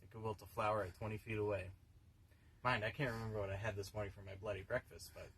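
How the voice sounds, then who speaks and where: A man's voice: lowish voice, steady tone, fast, a bit bright, slightly rough, poor audio. An older man, rambling wryly to a stranger on a bus in a dry comic monologue. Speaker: bus passenger.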